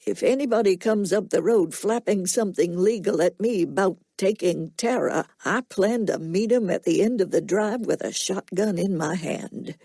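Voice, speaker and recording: A woman reading an audiobook, voicing a soft-spoken middle-aged Southern farmer with a slow nasal drawl and a plainspoken, quietly stern manner. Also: mid-range voice, slightly rough, no room sound.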